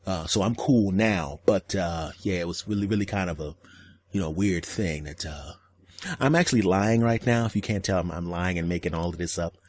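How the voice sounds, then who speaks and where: A man hosting a solo podcast, telling comic stories and acting out other people's lines with deadpan jokes. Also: sits low, normal speed. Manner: storytelling, acts out voices in quotes, deadpan jokes. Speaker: podcast host. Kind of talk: solo comedic podcast monologue.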